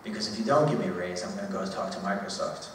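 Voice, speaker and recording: A man's voice: sits low, fast, fairly bright tone, slight background noise. A man doing a pleading young employee. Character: young male Irish employee pleading for a raise. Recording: echoey hall, voice from far off.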